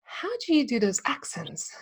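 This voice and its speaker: A woman's voice: a little high, very animated, moderate pace, slightly rough. A woman hosting a podcast interview, chatting casually and encouraging her guest. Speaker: podcast host.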